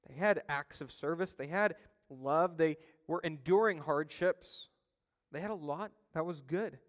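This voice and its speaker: A slightly high-voiced man preaching in a church, his voice carrying a long hall reverb. He tells stories with animated emphasis, then drops to quiet, hushed asides. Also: measured pace. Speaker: pastor. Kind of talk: sermon.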